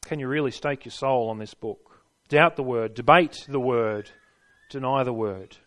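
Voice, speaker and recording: A man's voice: medium pitch, measured pace, fairly bright tone. A man preaching a sermon, stressing his points and putting rhetorical questions to his listeners.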